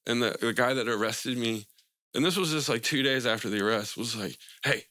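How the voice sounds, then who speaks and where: A man's voice: mid-range voice, brisk, bright, forceful tone, no echo. A man telling stories in a casual interview, laid-back and full of profanity, laughing between anecdotes. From Albuquerque, New Mexico. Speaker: guest, graffiti artist.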